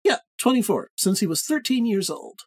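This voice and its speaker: A woman's voice: medium pitch, big pitch swings, moderate pace, husky. A woman hosting a podcast book quiz, playful, handing out points. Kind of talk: casual podcast chat.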